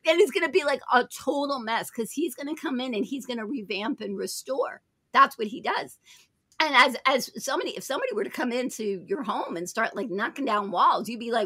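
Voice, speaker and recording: Woman host, emphatic church-story chat, high bright voice, dry close sound. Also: lively intonation, a little fast, husky, dry recording. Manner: emphatic, swings into loud high quoted voices. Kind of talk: animated charismatic testimony chat.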